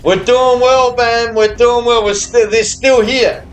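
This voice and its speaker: A man's voice: very high-pitched, steady tone, measured pace, soft background music. A man who is a bit tipsy and slurring, chatting and swearing while he streams to viewers. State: tipsy, slurring a little after beers. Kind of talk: live gambling stream chat. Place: hotel or home room abroad.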